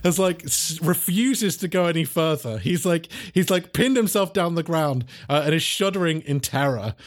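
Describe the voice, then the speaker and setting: A man's voice: fairly high pitch, moderate pace. A man narrating as game master with many fillers and restarts, often laughing.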